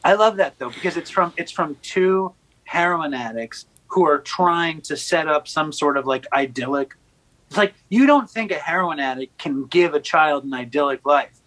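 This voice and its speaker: Bright-voiced joking man. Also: a little high, expressive, normal speed, rough recording. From New York City. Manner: wry, joking storyteller. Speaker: podcast host. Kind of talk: laid-back podcast conversation.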